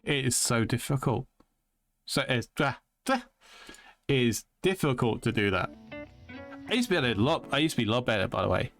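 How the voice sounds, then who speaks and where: A young man chatting casually on a live stream, rambling and halting, often restarting his sentences and making light of himself. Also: mid-range voice, expressive, a bit bright, soft background music. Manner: rambling, halting, self-deprecating.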